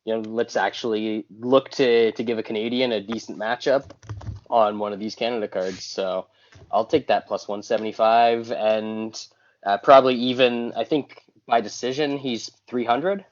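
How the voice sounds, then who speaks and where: A man's voice: medium pitch, steady tone. Man, medium voice, chatty co-host, lo-fi. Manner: quick, self-deprecating, repeats words. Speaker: podcast co-host. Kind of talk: casual betting chat. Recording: dull lo-fi audio.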